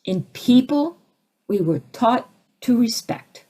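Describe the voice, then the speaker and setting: Brief: middle-aged woman, slightly high voice, lively spiritual teacher, asks the room questions. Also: slow pace, husky. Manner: animated, acts out quoted voices, rhetorical questions.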